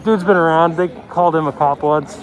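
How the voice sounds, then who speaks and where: A Pacific Northwest man live-streams a city street protest from his handheld phone camera, keeping up casual, wandering commentary in a steady tone and at a fairly quick clip. He frequently lowers his voice, and the crowd around him is loud.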